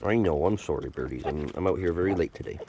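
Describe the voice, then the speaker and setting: A man's voice: rumbling low, fast, very noisy. A man talking casually to his chickens outdoors at the coop, cooing at them and cursing when they peck him. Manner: coos to the birds in a sing-song voice, curses when pecked. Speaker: vlogger keeping chickens. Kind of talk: casual running chatter to his birds.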